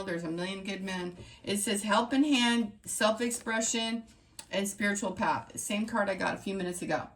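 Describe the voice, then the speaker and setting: A woman's voice: medium pitch, a bit bright, slight background noise. A woman running a tarot reading channel, talking straight to her viewers in an emphatic, repetitive pep-talk style. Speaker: tarot reader.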